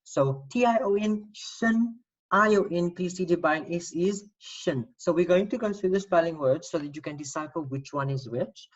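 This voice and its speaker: A woman's voice: fairly low pitch, moderate pace, hardly any pauses, husky, muffled recording. A woman teacher giving an online spelling lesson, patiently spelling out letters and repeating sounds.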